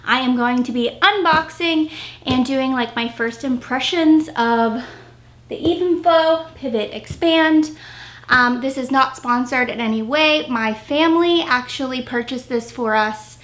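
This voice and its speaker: High-voiced young woman vlogging at home. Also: measured pace, a bit bright. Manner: chatty, upbeat, filler-heavy. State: out of breath, pregnant. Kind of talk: casual unboxing vlog. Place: home room, indoors. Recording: roomy echo, faint noise.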